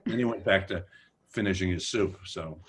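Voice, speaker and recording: A man's voice: sits low, moderate pace, fairly bright tone. An older man on a book festival panel, telling rambling, self-deprecating stories about his career, with restarts and quoted remarks. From United States. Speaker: panelist, humor writer. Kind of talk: relaxed anecdotal storytelling.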